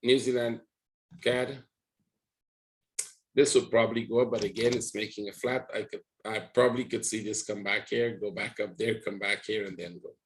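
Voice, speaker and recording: A man's voice: on the low side, steady tone, moderate pace, rough recording. A man teaching trading live, walking viewers through price charts in a rambling way and checking in with them often. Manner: rambling, talks to viewers with frequent "right?". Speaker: trading educator.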